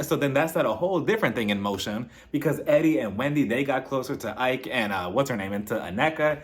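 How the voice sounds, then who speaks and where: A man's voice: mid-range voice, fast, few pauses. A man recapping a reality TV episode in a casual, sassy way, full of mocking asides. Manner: animated and sassy, with mocking impressions.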